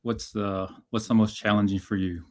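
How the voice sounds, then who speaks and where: A man's voice: on the low side, little pitch movement, normal speed. A man interviewing a guest in a casual, easygoing way, laughing along.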